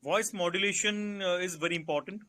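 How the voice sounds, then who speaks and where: A man with an Indian English accent coaches candidates in a calm, instructive way and circles back to restate his points. His voice sits high and sounds bright and forward. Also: brisk. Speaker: interview coach. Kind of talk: advisory Q&A session.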